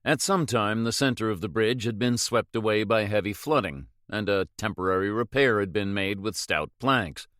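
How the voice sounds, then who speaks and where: A man reading a thriller novel aloud as an audiobook narrator in a measured, steady way. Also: lowish voice, no echo, clean studio sound.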